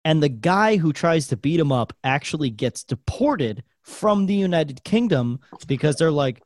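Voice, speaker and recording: A man telling a story on a podcast, his pitch swinging widely as he talks. The sound is dry and close to the mic. He swears freely and laughs often. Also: expressive, measured pace, hardly any pauses, a little mellow, dry recording. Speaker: podcast co-host. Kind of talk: casual chat.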